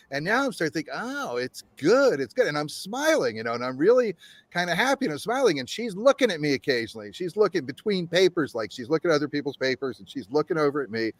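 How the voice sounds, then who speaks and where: A man's voice: fairly high pitch, dry recording. An older man, a game developer guest, telling a long story in an interview with frequent laughs and acted-out quotes. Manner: animated storyteller, laughs often, acts out quotes.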